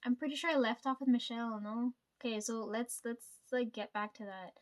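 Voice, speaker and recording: High-voiced rambling woman vlogger. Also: fairly even intonation, fairly quick. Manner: rambling, swears freely, constant "like" and "right?". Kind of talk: casual storytime chat.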